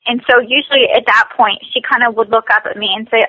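A woman with a fairly high voice leads a guided tapping session, repeating short phrases slowly. The sound is dull and lo-fi, as over a call, and dry with no room echo. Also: fairly even intonation, husky. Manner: slow, repetitive scripted phrases. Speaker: tapping coach.

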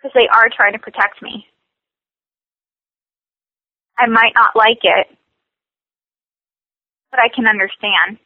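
A woman coaching a tapping session, speaking slow, repetitive scripted phrases. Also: fairly high pitch, fairly even intonation, dry recording, dull audio.

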